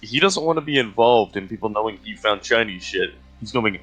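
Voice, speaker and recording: Low-voiced man pestering the table. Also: expressive, fairly quick, a bit bright, husky, soft background music, poor audio. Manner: pushy, repeats himself. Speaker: player. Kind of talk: casual tabletop game play.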